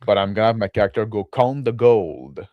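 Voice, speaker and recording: Low-voiced rambling male co-host. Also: animated, brisk, no echo, dull audio. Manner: rambling, filler-heavy, with frequent "like" and "right?". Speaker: podcast co-host. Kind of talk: casual chat reacting to a video.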